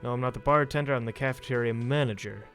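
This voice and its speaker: A man's voice: mid-range voice, fast talker, a bit bright, faint music behind, natural voice. A man voicing a grumpy, sarcastic male cafeteria manager in a video game who demands money he is owed. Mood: irritated. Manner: sarcastic, exasperated.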